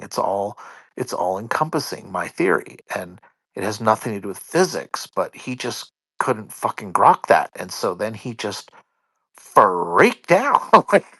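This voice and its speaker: A man with a fairly low voice tells a story in a casual online voice chat. He talks in an animated way and swears freely. The sound is close and dry, with no room on it. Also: gravelly, husky, no echo.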